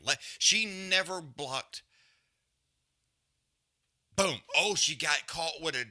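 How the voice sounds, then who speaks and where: Animated profane fight commentator. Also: male voice, a little high. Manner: loose, profane, animated breakdown with slang. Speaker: fight watch-along host. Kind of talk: casual live fight commentary.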